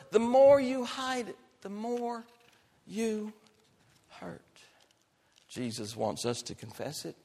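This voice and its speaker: High-voiced male pastor preaching in a hall. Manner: dynamic preaching, shifting from loud emphatic to soft and hushed. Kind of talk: sermon.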